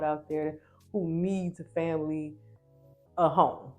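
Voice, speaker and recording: A chatty woman with a lowish voice gives an opinionated, fast recap of a reality TV episode. Faint music plays behind her. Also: steady tone, a little mellow.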